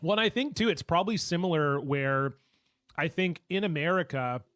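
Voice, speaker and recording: A man's voice: fairly high pitch, lively intonation, normal speed, fairly bright tone, no echo, clean studio sound. A man from Canada, a comedian guest, chatting casually on a podcast with lots of filler words.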